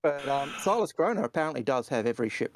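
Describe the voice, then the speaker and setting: A man co-hosting a casual podcast chat, talking haltingly and repeating words. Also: medium pitch, big pitch swings, noisy background. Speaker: podcast co-host.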